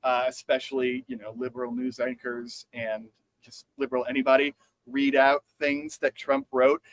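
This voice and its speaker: A man co-hosting a casual chat show, animated and sarcastic, swearing freely. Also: medium pitch, normal speed, no echo, poor audio. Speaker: podcast co-host.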